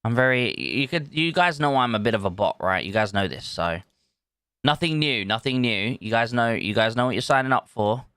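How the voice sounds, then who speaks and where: Smooth-voiced man streaming live. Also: medium pitch, expressive, normal speed, a bit bright, no echo, clean studio sound. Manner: thinks aloud, greets chat viewers. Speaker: livestreamer. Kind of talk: casual live stream chat.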